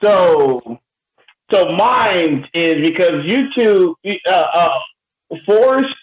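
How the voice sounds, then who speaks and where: A middle-aged man moderating a casual podcast roundtable, ranting in an animated, profane way. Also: high voice, extremely slow, roomy sound, lo-fi sound.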